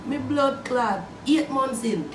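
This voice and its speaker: A Jamaican woman with a very high voice rants loudly in a comedy skit, shouting and swearing freely. She sounds roomy and echoey, a little away from the mic. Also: expressive, slow, far from the mic, slight background noise. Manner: loud, shouting, profane.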